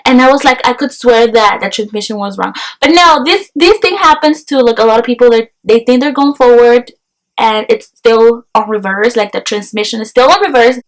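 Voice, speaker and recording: Young woman vlogger, high voice, chatty storytelling full of "like". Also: normal speed, poor audio. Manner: chatty, peppered with "like", animated retelling. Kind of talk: casual storytelling vlog.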